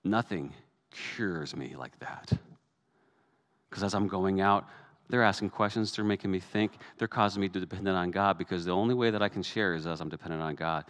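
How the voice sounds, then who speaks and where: A middle-aged man with a fairly low voice delivers a sermon as pastor. His preaching stays conversational and relaxed, then climbs to emphatic, raised peaks. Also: normal speed.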